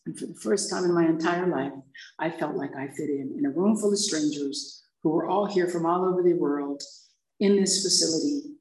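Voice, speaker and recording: A woman's voice: low voice, brisk. A woman in her fifties from Hawaii, sharing her recovery story with a group and acting out the dialogue as she tells it. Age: 50s. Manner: lively storyteller acting out dialogue, laughing often. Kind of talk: personal testimony to a group. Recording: echoey room, far from the mic.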